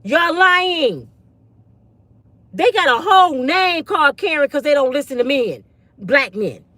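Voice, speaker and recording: A woman's voice: sits high, expressive, measured pace, pushed and bright, dry recording. A woman ranting bluntly and profanely in a casual livestream on her phone. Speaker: online commentator.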